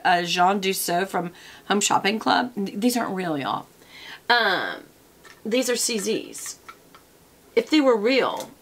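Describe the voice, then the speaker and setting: Woman, mid-pitched, casual desk vlogger who rambles and chases tangents. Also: fairly bright tone. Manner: chatty, wanders off on tangents, many fillers. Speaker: product review vlogger. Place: at her desk.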